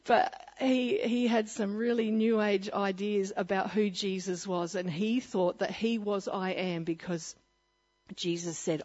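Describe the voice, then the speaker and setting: A woman's voice: mid-range voice, steady tone, unhurried, darkish tone, lo-fi sound. A woman giving a personal testimony and Bible teaching, telling her story in a chatty way with frequent laughs and fillers.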